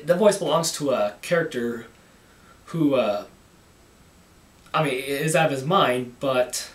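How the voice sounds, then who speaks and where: A man casually talking about making his own film, halting and often repeating words as he restarts. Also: mid-range voice. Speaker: amateur filmmaker. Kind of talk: casual behind-the-scenes talk. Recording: echoey room, mic at a distance.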